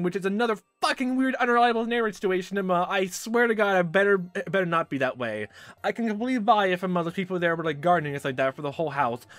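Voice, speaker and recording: A man's voice: a little high, a bit bright, no echo. A man giving casual let's play reaction commentary, exasperated and swearing, laughing often and trailing off into fillers.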